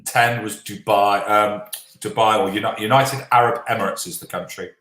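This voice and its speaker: A man's voice: lowish voice, steady tone, fairly bright tone. A man hosting a live online pub-style quiz, reading out answers and joking with players in a casual, cheeky way. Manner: jokey, swears then apologises, reads answers slowly. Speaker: quiz host. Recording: echoey room.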